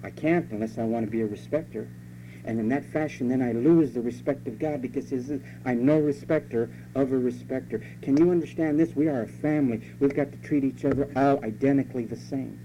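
This sermon comes from a pastor whose mellow, medium-pitched voice moves briskly. He drives his points home by repeating key lines and asking the congregation rhetorical questions, all captured on a dull, lo-fi recording with a faint hum underneath.

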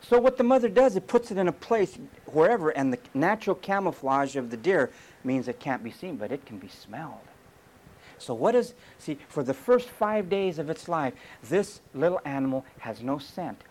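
A man's voice: on the high side, animated, moderate pace, a little mellow, a little hiss or hum, rough recording. A male preacher delivering an emphatic sermon full of rhetorical questions.

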